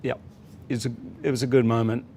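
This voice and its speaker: A man's voice: mid-range voice, level tone, fast talker, a little hiss or hum. A man in his fifties from Australia with an Australian accent, a guest on a talk show telling a story in an easygoing, anecdotal way. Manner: warm anecdotal storytelling, acts out quotes. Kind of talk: casual talk show interview.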